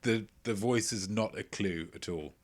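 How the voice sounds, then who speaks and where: A man hosting a casual livestream quiz, playful and self-mocking, chatting between loud remarks and mumbled asides. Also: fairly low pitch, unhurried. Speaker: quiz show host.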